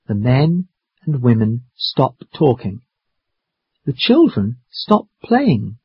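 A reader telling a children's story slowly, bringing in character voices, in a dull, dry recording. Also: medium pitch, sing-song, slightly rough, no room sound.

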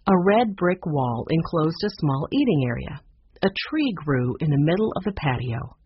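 A man narrating a children's chapter book aloud with expressive, even storytelling. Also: on the high side, moderate pace, slightly rough, dry recording. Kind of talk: audiobook narration. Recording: dull muffled recording.

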